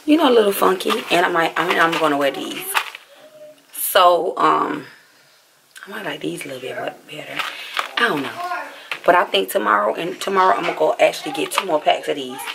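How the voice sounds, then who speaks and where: A woman's voice: on the low side, fairly quick, vocal fry, a crowd in the background, rough recording. A young woman vlogging casually to her viewers, chatty and venting at times. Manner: chatty, venting, animated when annoyed. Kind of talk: casual vlog chat.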